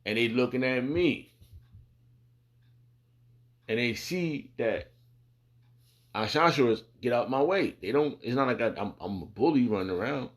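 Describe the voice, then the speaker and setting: A man speaking casually about his faith, rambling and swearing freely, calling listeners "man" and "bro", and slowing down to read scripture. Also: medium pitch, expressive. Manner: reads scripture slowly. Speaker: speaker sharing faith testimony. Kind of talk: casual religious talk.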